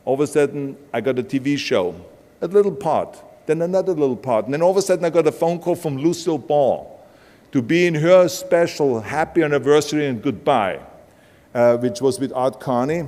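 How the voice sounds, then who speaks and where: A man's voice: on the high side, fairly quick, warm tone. An older man from Austria with a heavy Austrian German accent, giving an emphatic motivational speech full of punchy anecdotes. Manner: emphatic storytelling, punchy lines. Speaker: keynote speaker. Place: large event hall. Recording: long hall reverb from a live stage.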